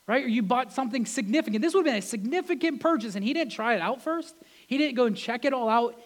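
Guy preaching, pretty high voice, chatty, keeps asking the crowd "right?". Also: expressive, fast talker. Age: adult with wife and kids. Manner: conversational, peppered with rhetorical questions. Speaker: pastor. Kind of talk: sermon.

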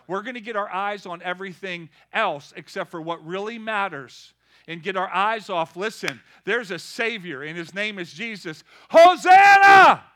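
High, bright-voiced preaching man. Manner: call-and-response preaching, building to shouts. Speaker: pastor. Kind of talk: sermon.

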